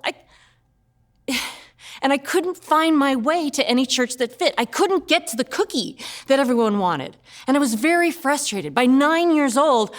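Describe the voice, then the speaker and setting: A woman in her forties from Illinois tells a personal story live, her voice rising and falling with great expression. She is animated and comic, pitched a touch high.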